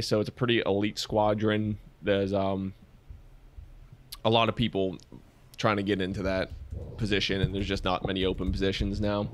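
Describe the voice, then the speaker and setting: A man with a fairly low voice co-hosts a casual podcast, presenting his research notes with lots of fillers and joking asides. The recording is dry.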